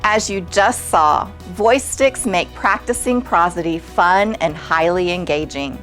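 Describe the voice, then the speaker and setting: A woman giving clear, measured scripted narration for a teaching video, explaining a classroom strategy. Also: on the low side, a bit bright, soft background music.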